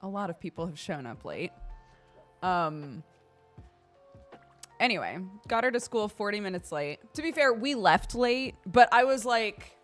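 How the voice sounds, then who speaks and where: A woman livestreamer and mother telling a story about her daughter in a casual, animated way, laughing often. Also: mid-range voice, measured pace, long pauses, faint music behind. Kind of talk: casual storytelling on a live stream.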